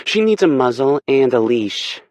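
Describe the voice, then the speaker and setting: A man voicing an angry, snobbish young woman in an audiobook, shrill and snapping. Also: sing-song, extremely slow, no echo, full character voice. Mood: scornful.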